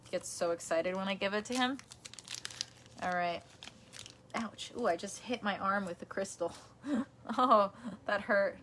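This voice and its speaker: Bright-voiced chatty woman streamer. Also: medium pitch, measured pace, pauses often, soft background music. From New York. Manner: chatty and rambling, laughs often. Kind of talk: casual livestream chat reading comments. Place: her bedroom by a heater.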